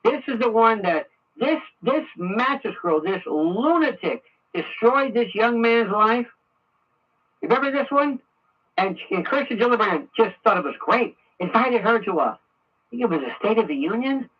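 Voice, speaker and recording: A man's voice: high voice, lively intonation, moderate pace, breathy edge, recorded from a distance. A man hosting a political talk radio show, ranting angrily and repeating himself. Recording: muffled radio audio from afar.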